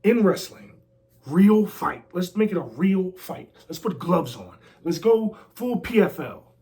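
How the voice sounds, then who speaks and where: A man's voice: high voice, big pitch swings, unhurried, creaky, warm tone. A man talking casually in an interview, brash and boastful with lots of slang and trash talk. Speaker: interview guest, former pro wrestler. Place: a house.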